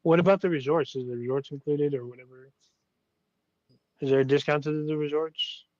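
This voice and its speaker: A man with a somewhat raised pitch chats on a podcast with short, blunt reactions. His mic sounds dull and lo-fi, and his voice is dry and close. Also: a little fast, a little mellow, dry recording. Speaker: podcast co-host. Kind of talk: casual chat.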